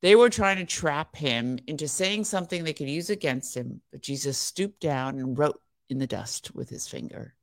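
A woman's voice: low voice, animated, normal speed, few pauses, dry recording. Woman reading scripture, close and dry. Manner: earnest reading voice, casual and chatty between passages. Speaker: podcast co-host reading scripture. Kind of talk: scripture reading and devotional chat.

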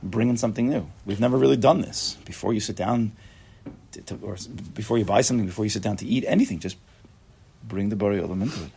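A man's voice: lowish voice, fast talker, creaky, mellow, breathy edge. A man giving a casual, chatty Torah class, joking and mixing Hebrew and Yiddish terms into his talk.

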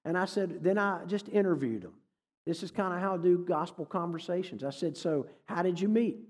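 A man's voice: sits high, fairly quick, darkish tone. Folksy man preaching in a reverberant hall. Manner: folksy, conversational, jokes with the audience. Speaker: guest speaker. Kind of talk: sermon with storytelling. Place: church hall.

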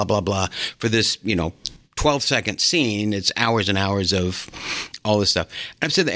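Older man in his 60s, bright clear voice, dry close sound, lively anecdotes, quick self-mocking asides, casual podcast chat. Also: lowish voice, no room sound. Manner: animated storyteller, quick asides and self-mockery. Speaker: podcast co-host and part-time actor.

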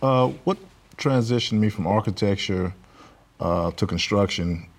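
A man from Louisiana speaks in a very low voice as a guest on an interview show. He answers haltingly, filling gaps with frequent pauses. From Louisiana, USA. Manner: halting, many filler pauses. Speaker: guest, construction business owner.

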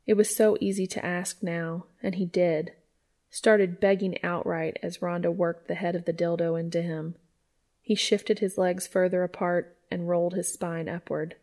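A woman reading fan fiction aloud in a soft, even storytelling voice. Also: fairly low pitch, moderate pace.

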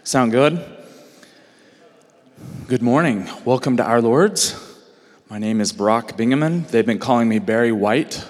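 A hoarse man, a pastor, making friendly, chatty announcements to his congregation before the sermon. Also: medium pitch, expressive, normal speed, big-room sound. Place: church sanctuary.

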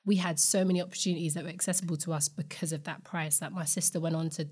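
Woman, playwright guest, low-ish voice, candid, casual chat. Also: level tone, fast, a little mellow, slightly rough. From London. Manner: chatty and candid, lots of "like".

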